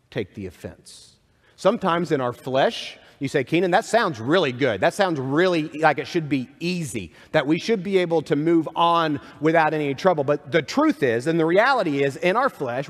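A man preaching a sermon, reading scripture aloud and adding conversational asides. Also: on the high side. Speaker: pastor. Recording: long hall reverb.

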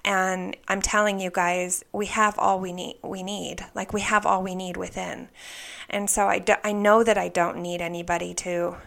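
A woman telling a personal spiritual story in an earnest, soft way, often dropping into a whisper. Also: mid-range voice, little pitch movement, normal speed, vocal fry. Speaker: spiritual vlogger.

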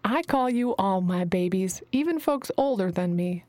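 A woman's voice: medium pitch, expressive, normal speed, darkish tone, no room sound, lightly acted. A woman reading a tender motherly healer. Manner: soothing, affectionate, sometimes drops to a whisper. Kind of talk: audiobook character reading.

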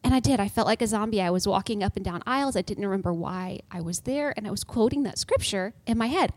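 A woman's voice: medium pitch, quick pace, few pauses. A woman on a podcast telling a humorous, self-deprecating personal story in a casual way. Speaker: podcast guest.

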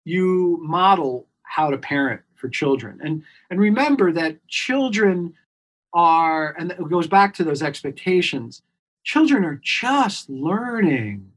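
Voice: medium pitch, expressive, slow pace, husky. A clinician guest in an interview, explaining earnestly and emphatically and repeating key points. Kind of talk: expert explaining on a podcast interview.

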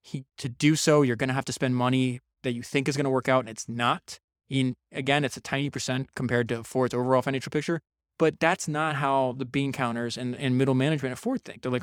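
A man hosting a podcast, summarizing a biography in a casual, energetic storytelling manner with quick asides and restarts. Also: mid-range voice, dry recording, clean studio sound. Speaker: podcast host reviewing a biography.

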